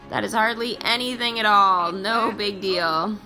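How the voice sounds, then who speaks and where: A woman hosting a mobile game video, giving bubbly, excitable, chatty gameplay commentary. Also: medium pitch, slow pace, soft background music.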